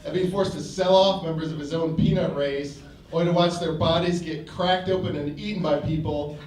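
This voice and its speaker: A male standup comic tells his jokes with a dry, deliberate delivery in a slightly high voice. He is recorded from a distance on a comedy club stage. The room is echoey, with a faint hum of ambience. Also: steady tone, darkish tone. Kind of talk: standup routine.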